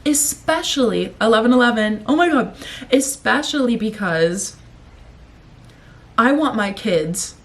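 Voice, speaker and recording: A woman's voice: fairly high pitch, expressive, measured pace, pauses often. A young woman talks straight to her camera in a loose, rambling way, swearing freely and getting emotional. Her throat is sore and she sounds a little out of breath as she goes. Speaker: vlogger. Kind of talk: casual chat to camera.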